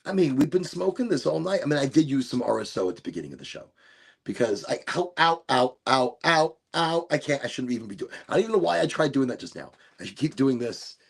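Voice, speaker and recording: A man hosting a relaxed livestream session, talking in a loose, wandering way full of asides and giggles. His voice is gravelly and somewhat husky, and his pitch swings widely from low mutters up to bright, lifted exclamations. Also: quick pace. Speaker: livestream show host. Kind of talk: casual rambling livestream chat.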